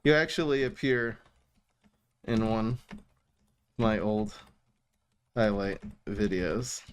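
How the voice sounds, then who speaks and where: A young man streaming and casually reviewing viewer messages, talking in a chatty, animated way with frequent laughs and restarts. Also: lowish voice, slow pace, clean tone.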